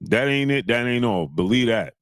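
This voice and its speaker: Man streamer, AAVE, lively pitch, dry close sound, chatty commentary. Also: normal speed, clear, resonant tone, no echo. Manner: animated, greets chat viewers, acts out quotes in lower voice. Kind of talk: casual live-stream commentary.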